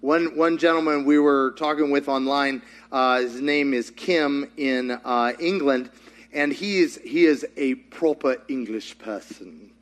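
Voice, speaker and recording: A man's voice: mid-range voice, a little slow. A man preaching as a pastor, telling a story and then leading a fervent prayer. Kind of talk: sermon and prayer.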